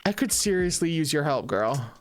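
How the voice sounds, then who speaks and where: A woman's voice: low voice, very animated, normal speed, soft background music. A woman doing a sassy scheming angel. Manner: sassy, persuasive. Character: scheming sassy angel bar performer, female. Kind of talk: let's play voice acting.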